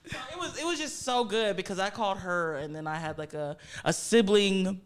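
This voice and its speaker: A young woman, a guest athlete, telling lively stories in a casual interview, laughing often and acting out what others said. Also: a little high, slow pace, pauses often, very noisy. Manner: animated storyteller, laughs often, acts out quotes.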